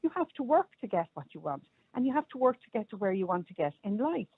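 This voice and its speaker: A woman's voice: mid-range voice, sing-song, fast talker, breathy edge, dry recording. Middle-aged Irish woman calling in by phone. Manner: forthright, chatty, firm. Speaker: caller. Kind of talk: phone-in radio call. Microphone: telephone. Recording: tinny phone line.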